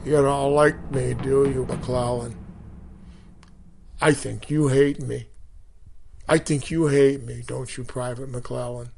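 A man voicing a taunting male Marine drill sergeant who whispers threats low and then barks them. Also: fairly even intonation, slow, gravelly, long pauses, a little mellow. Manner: low hissing whispers turning to barked threats.

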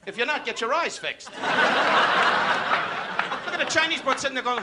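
A man from New doing live stand-up insult comedy, firing brash rapid jabs at audience members. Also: very high-pitched. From New York. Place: live club stage before an audience. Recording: noisy archival live recording, loud crowd laughter.

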